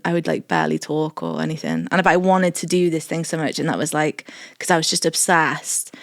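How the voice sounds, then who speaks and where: A woman's voice: fairly low pitch, no room sound, clean studio sound. A woman comedian talking as a podcast guest, chatty and rambling with lots of fillers and restarts. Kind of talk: casual chat.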